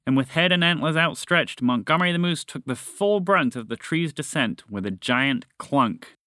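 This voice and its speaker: A man narrating a children's story in a gentle storybook manner, lifting his voice for the characters. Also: lively intonation, moderate pace, no echo, studio quality. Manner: gentle storybook reading, raising his pitch for characters' lines.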